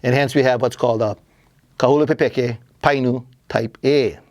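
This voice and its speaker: A man's voice: mid-range voice, fairly even intonation, normal speed, a little mellow, dry recording. A man teaching a grammar lesson, explaining patiently and asking and answering his own questions. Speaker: Hawaiian language teacher.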